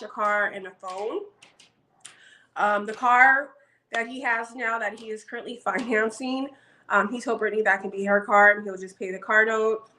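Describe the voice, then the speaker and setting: A woman's voice: a little high, bright, forceful tone, low-quality recording. A woman casually recapping a reality show for her channel, chatty and gossipy with frequent ums.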